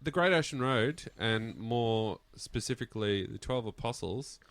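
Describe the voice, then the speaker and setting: A man's voice: medium pitch, expressive, a little slow, fairly bright tone, no room sound. A man co-hosting a casual podcast, putting dry, joking questions to the others. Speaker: podcast co-host. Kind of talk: casual chat.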